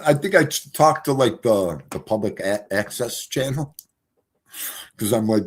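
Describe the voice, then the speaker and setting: A middle-aged man telling stories casually on a livestream, animated, swinging from loud exclamations to quiet mutters. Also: medium pitch, unhurried, husky. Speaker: streamer.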